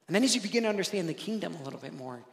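A man's voice: high voice, expressive, very fast, creaky, roomy sound. A man in his thirties preaching a sermon, conversational and story-driven, often checking in with the audience. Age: 30s. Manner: conversational storytelling with frequent "right?" asides. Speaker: pastor.

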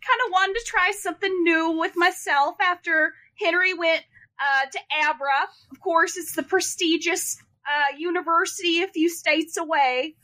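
A folksy middle-aged woman from the local art scene speaks in a Minnesotan accent, voiced by a woman player. Her voice sits high and bright, and she talks slowly and hesitantly. She comes across friendly and homey in a tabletop game podcast.

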